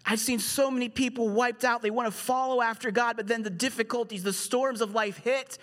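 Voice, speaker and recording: A man's voice: very high-pitched, fairly even intonation, brisk, fairly bright tone, big-room sound. A male pastor preaching a sermon in a conversational storytelling way, with humorous asides.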